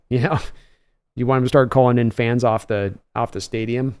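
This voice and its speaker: A man hosts a casual livestream and reads viewer comments aloud. His talk is chatty and loose, and he chuckles often at mid pitch. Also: moderate pace, darkish tone. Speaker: host.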